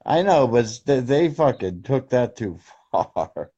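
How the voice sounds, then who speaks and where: A man's voice: medium pitch, very animated, measured pace, dark tone, husky, lo-fi sound. A man co-hosting a casual podcast, giving blunt, short replies and swearing casually. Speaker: podcast co-host. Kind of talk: casual chat.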